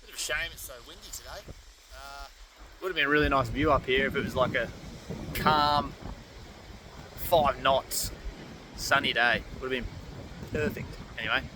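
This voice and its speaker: Laid-back Aussie travel vlogger, young man, slangy and upbeat, recorded outside with wind in the mic. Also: a little high. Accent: Australian. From Australia. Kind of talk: casual travel vlog. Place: outdoors on a windy coast. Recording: outdoor recording with wind noise.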